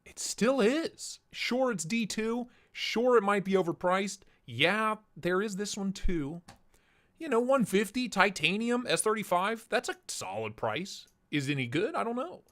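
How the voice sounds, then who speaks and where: A man's voice: sits high, sing-song, a little slow, a bit bright. Man talking through a voice changer. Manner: casual, chatty, reads out chat and laughs. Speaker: live stream host. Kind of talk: casual live stream chat.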